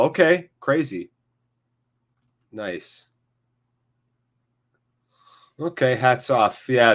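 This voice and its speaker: A man's voice: medium pitch, a bit bright. A man with a fever, hosting a casual live football watchalong, rambling, self-mocking and swearing casually. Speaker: livestream host.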